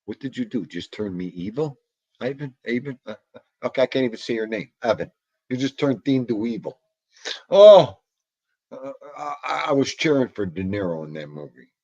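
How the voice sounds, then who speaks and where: A man's voice: mid-range voice, very animated, moderate pace, dark tone, dry recording, highs cut off. A man hosting a casual livestream, rambling about old movies, muttering asides to himself and greeting chat. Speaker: livestream host.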